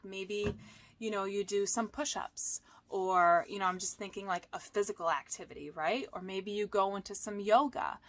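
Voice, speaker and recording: A woman coach giving casual advice, chatty and animated, with lots of fillers and playful "blah, blah" asides. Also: medium pitch. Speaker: holistic coach.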